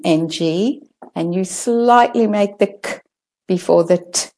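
A woman with an Australian accent teaching a pronunciation lesson, slowly modelling words again and again for learners to copy. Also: fairly low pitch, dark tone. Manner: slow, deliberate, models words repeatedly for copying.

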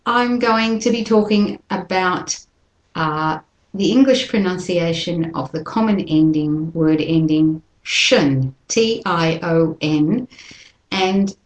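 A woman with a fairly low voice teaches pronunciation at a very slow, careful pace. She draws out each word so listeners can repeat after her. The room around her rings with echo. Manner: slows down to model words, repeats them for listeners to copy. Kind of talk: slow, deliberate teaching with drills.

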